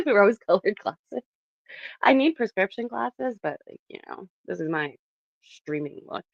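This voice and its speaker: A woman's voice: medium pitch, lively intonation, unhurried, vocal fry, no room sound, muffled recording. A young woman from Canada chatting casually and animatedly with her livestream viewers from her bedroom, laughing often. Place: home bedroom.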